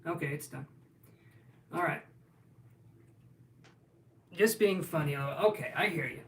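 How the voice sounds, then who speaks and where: A man's voice: a little high, takes it slowly, a bit bright, distant mic. A man reading tarot cards on a casual livestream, chatting and joking as he answers viewers' questions. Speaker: tarot reader. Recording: roomy sound from off-mic, faint room noise.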